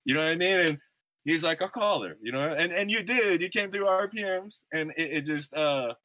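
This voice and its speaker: In a casual interview on his podcast, a thirtysomething man tells laid-back, slang-heavy stories loaded with fillers. His voice sits on the high side, bright and forceful, at a moderate pace on a dry recording.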